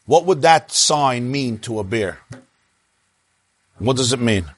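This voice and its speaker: A man's voice: mid-range voice, slow pace, no echo. A man teaching a religious class, telling stories and stammering now and then as he explains. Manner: lively storyteller, stammers on restarts. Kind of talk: religious class lecture with anecdotes.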